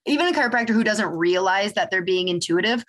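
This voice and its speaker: A woman's voice: medium pitch, fast, fairly bright tone. A woman hosting a podcast, a chiropractor who explains things in a casual, teacherly way. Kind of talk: casual interview chat.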